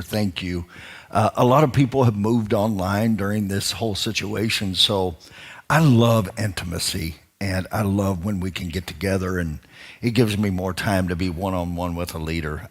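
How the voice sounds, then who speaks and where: This is a middle-aged male pastor with a very low voice, preaching in a church. He jokes easily with the congregation, then turns earnest and encouraging as he talks about leadership. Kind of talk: sermon.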